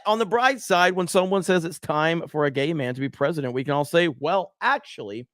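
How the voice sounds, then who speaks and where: A man's voice: a little high, animated, brisk, hardly any pauses, a bit bright, no room sound, clean studio sound. A man hosting a live stream casually, reading viewer messages aloud, laughing often and filling with ums. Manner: laughs a lot, loose, filler-heavy.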